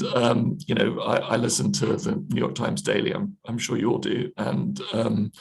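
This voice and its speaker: A man's voice: medium pitch, creaky, slightly rough, low-quality recording. A man, a newspaper editor, talking in a video call discussion, hesitant with many fillers and restarts.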